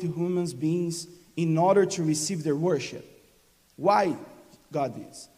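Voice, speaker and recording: A man from Brazil preaching a sermon in halting English with a Brazilian accent, often restarting phrases and calling for amens. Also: fairly high pitch, warm tone, slightly rough, long reverb tail. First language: Portuguese. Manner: halting, many restarts, laughs often, invites call-and-response. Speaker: guest preacher.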